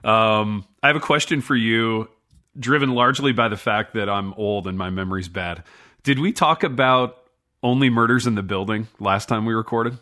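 Rambling self-mocking middle-aged podcast host. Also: male voice, fairly low pitch, moderate pace, pushed and bright. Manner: rambling, self-deprecating, laughs often. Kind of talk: casual chat.

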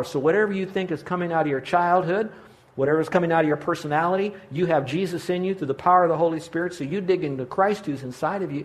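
A middle-aged man preaching a sermon as pastor, earnest and gently encouraging. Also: fairly high pitch.

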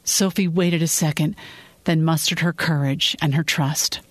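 A woman narrating her own fiction podcast in an even, measured storytelling manner. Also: deep voice, dry recording. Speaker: author and narrator.

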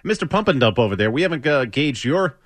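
A man hosting sports talk radio, chatting in a lively, wry way and quick to joke. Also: medium pitch, dry recording. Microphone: studio microphone.

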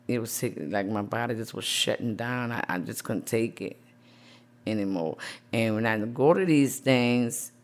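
A middle-aged woman, a grieving mother interviewed for a news report, speaking softly and emotionally with many "you know"s. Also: rumbling low, normal speed. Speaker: grieving mother, support group founder.

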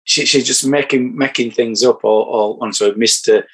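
A man's voice: mid-range voice, fairly even intonation, normal speed, fairly bright tone, breathy edge, low-quality recording. A middle-aged man with a northern English accent, chatting on a podcast and telling anecdotes with chuckles. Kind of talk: casual podcast chat.

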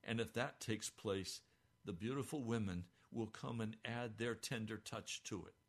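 An older man preaching a sermon as a pastor, impassioned, swinging between hushed and crying out, his voice almost hoarse. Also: lowish voice, measured pace.

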